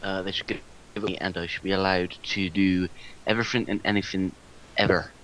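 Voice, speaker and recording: A man joking around on a casual podcast, quick-talking and giggly. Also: sits low, level tone, fairly bright tone, rough recording. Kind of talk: casual chat.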